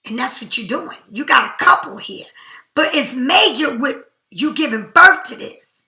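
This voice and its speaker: A woman giving a casual, chatty tarot reading in an animated, slangy way. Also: sits high, moderate pace, echoey room. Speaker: tarot reader.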